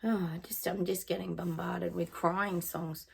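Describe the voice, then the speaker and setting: A woman's voice: fairly low pitch, fairly even intonation, a little slow, gravelly, breathy edge. A woman psychic chatting casually to her viewers, singing bits of songs and trailing off as she muses. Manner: chatty, sings song snippets, trails off. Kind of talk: casual psychic reading monologue.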